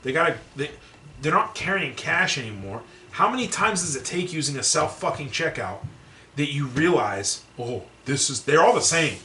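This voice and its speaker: A man's voice: fairly high pitch, moderate pace, roomy sound, distant mic, slight background noise. A man co-hosting a podcast, ranting with lots of swearing in casual chat. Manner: ranting, profane, animated. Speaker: podcast co-host.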